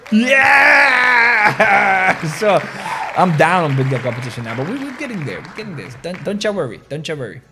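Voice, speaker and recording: Excitable rambling male crypto host. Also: a little high, racing, hardly any pauses, music in the background, a crowd in the background. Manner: rambling and excitable, reads social media posts aloud with laughs. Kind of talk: casual crypto market commentary.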